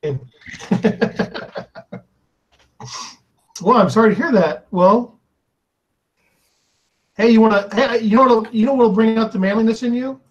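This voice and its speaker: A man's voice: high-pitched, a little slow, long pauses, highs cut off. A man with a Texan American accent in casual group chat over a video call, joking and laughing often. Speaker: guest chatter on a live art stream.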